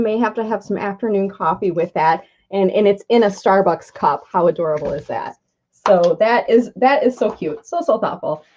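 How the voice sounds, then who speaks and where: A woman's voice: mid-range voice, darkish tone. A middle-aged woman chatting on a live video, gushing and effusive as she opens a gift box. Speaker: marketing consultant unboxing a gift on a live video. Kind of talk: impromptu live unboxing chat. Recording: slightly dull lo-fi audio.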